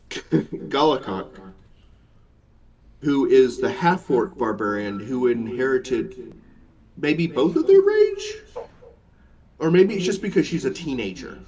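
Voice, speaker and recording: Slow-talking game master at a convention. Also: male voice, medium pitch, darkish tone. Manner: measured, descriptive, with fillers. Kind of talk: narrating a tabletop game. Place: convention gaming floor. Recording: noisy convention hall crowd.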